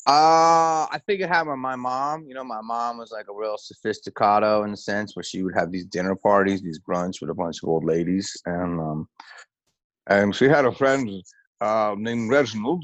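A man's voice: on the low side, normal speed, no echo, muffled recording. A comedian being interviewed, telling loose rambling stories and acting out the people he quotes. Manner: loose, rambling storyteller who acts out quotes. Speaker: comedian guest. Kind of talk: casual interview talk.

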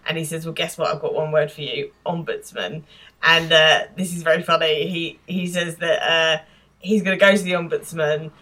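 A woman co-hosting a podcast, recapping a TV episode and telling her own stories in an animated way. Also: low-pitched, normal speed. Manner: animated storytelling, laughs often. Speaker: podcast co-host. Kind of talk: casual chat recapping a TV episode.

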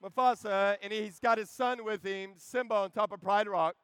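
High-voiced, lively man preaching. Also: moderate pace, clean tone, dry recording. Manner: joking, animated, calls to the crowd. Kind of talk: energetic camp sermon.

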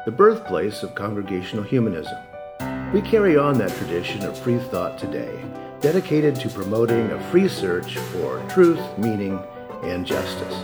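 A man's voice: lowish voice, huge pitch swings, moderate pace. A man, a senior minister, giving a formal welcome at the start of a service. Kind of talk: welcome announcement. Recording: guitar music behind. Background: plucked guitar music.

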